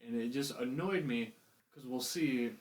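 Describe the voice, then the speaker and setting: A man's voice: medium pitch, measured pace. A man co-hosting a casual podcast, chatty and opinionated, repeating himself for emphasis. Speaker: podcast co-host. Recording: roomy echo.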